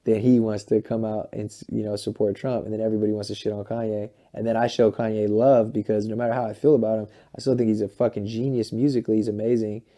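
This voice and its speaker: A man in his late twenties, a musician being interviewed, talking in an animated, rambling, profane way and acting out what other people say. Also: lowish voice, quick pace, hardly any pauses. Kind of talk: candid interview talk.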